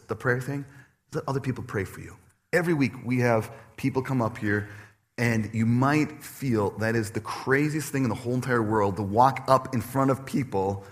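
A man preaching a sermon to his congregation, animated and personal, acting out quoted voices with laughter. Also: medium pitch. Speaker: pastor. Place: church stage before a congregation.

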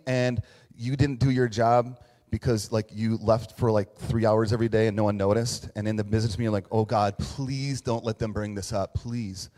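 A man giving a relaxed, conversational sermon as pastor, joking at his own expense and acting out little scenes. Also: mid-range voice. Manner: conversational, self-mocking, animated impressions. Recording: long hall reverb.

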